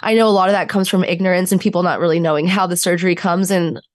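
A woman's voice: fairly low pitch, quick pace, no room sound, clean studio sound. A woman in her twenties, a podcast guest telling her story candidly and acting out the voices of people in it. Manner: animated storyteller acting out quotes.

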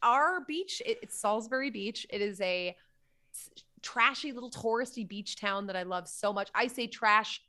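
A woman comedian, a guest on a podcast, telling stories in animated, quick bursts. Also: on the high side. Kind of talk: casual podcast chat.

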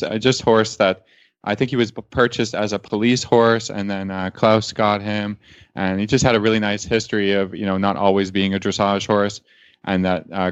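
A man's voice: deep voice, smooth, dry recording, highs cut off. A man guesting on a radio show, talking in a rambling, thoughtful way with many fillers. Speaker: guest, dressage show host. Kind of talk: casual radio conversation.

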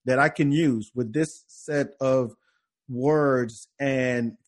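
A man's voice: medium pitch, fairly even intonation, very slow, a little hiss or hum. A man with a French accent, English not his first language, hosting a casual podcast chat and talking in rambling bursts with many restarts. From France. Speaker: podcast host.

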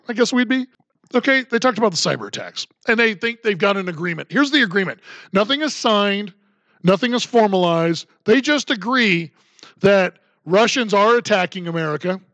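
A man's voice: high voice, fairly bright tone, dry recording. A middle-aged man hosting a political commentary podcast, talking in a sarcastic, mocking way. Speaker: podcast host.

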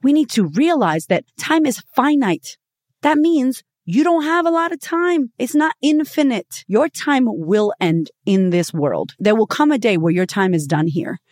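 A woman's voice: fairly high pitch, expressive, darkish tone, no room sound. Woman podcast host, cussing motivational pep talk, lots of rhetorical questions, dry close sound. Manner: blunt and profane, with frequent rhetorical questions; emphatic, swinging between punchy and drawn-out phrases.

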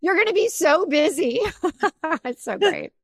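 A woman's voice: extremely high pitch, takes it slowly, dry recording. Effusive woman podcast host, dry sound. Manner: animated, effusive. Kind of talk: emotional personal storytelling.

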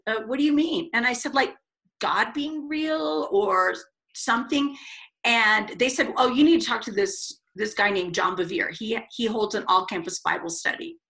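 A middle-aged woman telling her life story as a podcast guest, animated and acting out the voices of people she quotes. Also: medium pitch. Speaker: guest speaker.

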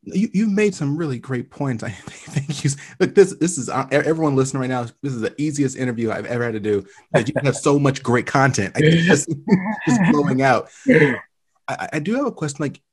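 A man's voice: medium pitch, expressive, a little fast, slightly rough. A man hosting a podcast interview, eager, with frequent stammers and restarts. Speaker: podcast host. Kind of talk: casual interview.

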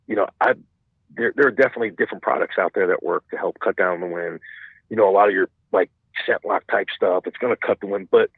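A man's voice: fairly low pitch, vocal fry, slightly rough, no room sound, narrow, tinny audio. A man chatting casually as a podcast guest, talking in rambling stretches full of restarts and asides. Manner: rambling, many restarts and "you know what I'm saying". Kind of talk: casual chat.

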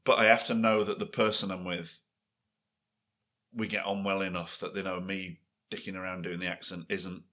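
A man's voice: low voice, flat delivery, moderate pace, fairly bright tone. A man from northern England hosting a podcast in a small cafe, joking and swearing in casual chat. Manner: sweary, joking, breaks into mock voices. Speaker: podcast host.

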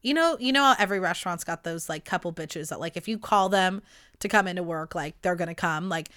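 A woman in her twenties telling a rambling, animated story in a casual monologue, swearing freely. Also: lowish voice, brisk. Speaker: podcast host.

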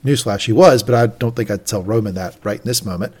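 A man's voice: on the low side, fast talker, husky. A man co-hosting a podcast, recapping an episode in casual chat and acting out lines from it. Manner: animated, acts out quotes from the show. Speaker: podcast co-host.

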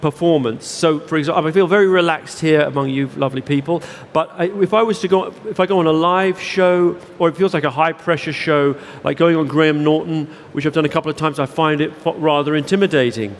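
A man's voice: a little high, fairly even intonation, brisk, few pauses. A man telling a rambling, self-deprecating anecdote to a live audience as a keynote speaker, full of restarts. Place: large theatre with audience. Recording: reverberant hall, faint background noise.

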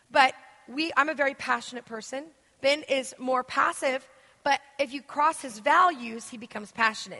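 A woman with a high-pitched voice gives an animated, interactive teaching sermon as a guest speaker, asking the audience questions and acting out quoted voices. The sound echoes as in a hall.

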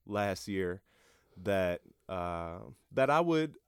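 Deep-voiced and very animated, this rapper and dad stretches out his words while talking heartfeltly as a podcast guest, laughing readily in casual conversation. The tone is clean, with crisp studio sound and no echo.

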